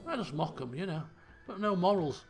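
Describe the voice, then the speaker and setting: Man, game commentary, joking asides, gravelly voice, faint music behind. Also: high-pitched, animated, fairly quick. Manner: joking, thinks aloud, jokey asides. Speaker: let's play host.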